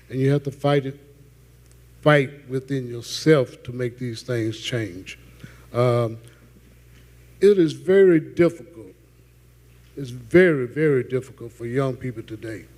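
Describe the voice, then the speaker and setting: A man's voice: medium pitch, warm tone. Earnest man answering in a reverberant hall. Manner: earnest, repeats phrases, fillers. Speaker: panelist. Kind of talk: answering an audience question.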